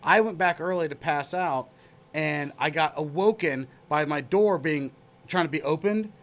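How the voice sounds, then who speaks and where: A man's voice: a little high, normal speed, a bit bright. A young man co-hosting a podcast, telling a wild anecdote in casual, profane chat and putting on voices for the people in it. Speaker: podcast co-host.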